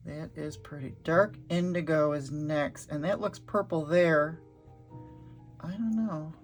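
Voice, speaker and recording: Slow-talking chatty woman painting. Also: low voice, soft background music. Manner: chatty, gushing, thinking aloud. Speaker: art vlogger. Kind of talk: casual chat while painting swatches.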